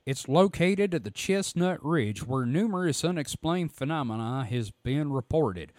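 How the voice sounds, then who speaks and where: A folksy Southern storyteller, as a hoarse man puts him on, draws out his account with a drawl and a lively rise and fall in pitch. His roughened throat gives every line a scratchy edge. The delivery is dry and close, with no room around it. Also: unhurried, no room sound. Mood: storytelling. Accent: American Southern. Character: Southern-drawling male storyteller recalling camp.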